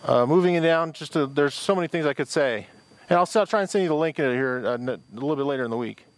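A middle-aged man from Michigan delivers a sermon in a high-pitched voice. He talks to the congregation like he's telling a story, with casual asides and restarts. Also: fast, no echo. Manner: conversational, anecdotal preaching with restarts. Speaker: pastor.

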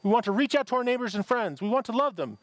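A man's voice: extremely high pitch, sing-song, quick pace. A middle-aged man from Michigan, preaching a sermon as pastor in a conversational, anecdotal way, often restarting his sentences.

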